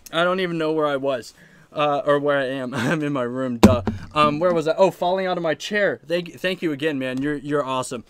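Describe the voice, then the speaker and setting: Animated rambling man streaming from his room. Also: fairly high pitch, a little hiss or hum. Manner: rambling, animated, laughs often. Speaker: arcade channel host. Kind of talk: casual live-stream storytelling.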